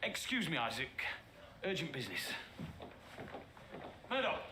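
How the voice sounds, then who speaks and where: Sex: male. Figure: a blunt, crude police inspector in a period TV drama. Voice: higher-pitched, very lively and swooping. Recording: loud background noise. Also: unhurried. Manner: blunt, gruff, swears casually. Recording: noisy background.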